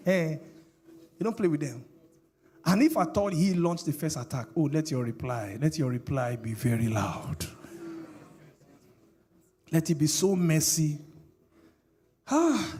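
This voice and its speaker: A man's voice: a little high, mellow. A middle-aged male pastor, preaching a sermon with call-and-response questions to the congregation.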